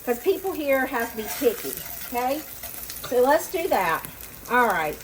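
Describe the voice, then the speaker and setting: Chatting with viewers as she cooks at home, a woman with a high, sing-song voice keeps a moderate pace and laughs off her own mistakes. A loudly sizzling frying pan makes for a noisy background.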